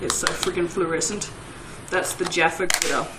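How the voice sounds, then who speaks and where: A woman's voice: lowish voice, fairly even intonation, normal speed, heavy background noise. A woman who hosts a soap-making channel and chats casually and self-mockingly to her viewers while she crafts, laughing often.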